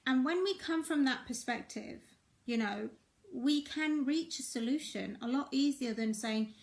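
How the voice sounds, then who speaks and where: Her voice sits high and a bit creaky, delivered at a normal speed. She's a middle-aged relationship and life coach who walks her audience through their feelings with gentle reassurance, constantly checking in.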